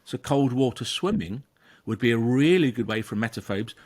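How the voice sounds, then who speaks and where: A man's voice: mid-range voice, expressive, fairly quick, darkish tone. A man, a therapist hosting a talk, explaining with emphasis and acting out inner voices. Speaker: therapist and podcast host. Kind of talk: conversational explanation.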